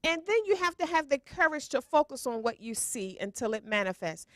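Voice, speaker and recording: Upbeat high-voiced woman motivational speaker. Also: big pitch swings, a little fast, a bit bright, no echo. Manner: upbeat, preachy, rhetorical questions. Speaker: business coach speaker. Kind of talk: motivational talk. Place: event stage.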